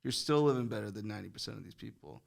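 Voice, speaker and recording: A man's voice: fairly low pitch, racing, creaky. A young man guesting on a podcast, telling a story in a rambling, casual way, full of fillers and swearing.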